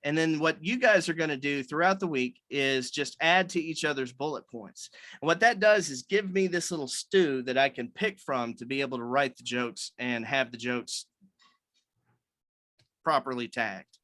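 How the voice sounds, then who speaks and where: A man's voice: medium pitch, moderate pace, sharp tone, no echo. A man leading a writers' meeting on a video call, explaining things loosely with many fillers and restarts.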